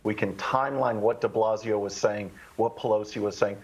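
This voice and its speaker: Husky emphatic male political commentator. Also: fairly low pitch, steady tone, moderate pace, muffled recording. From Texas. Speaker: show host, guest commentator.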